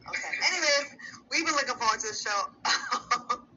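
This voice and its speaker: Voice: mid-range voice, expressive, moderate pace, bright, forceful tone. A host opening and running a gossip talk show in a casual, teasing way, often laughing. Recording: dull lo-fi sound with faint noise.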